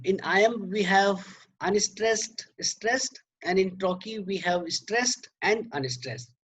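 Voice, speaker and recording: A man lecturing on poetry, slow and halting, repeating words and filling pauses as he explains. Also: sits high.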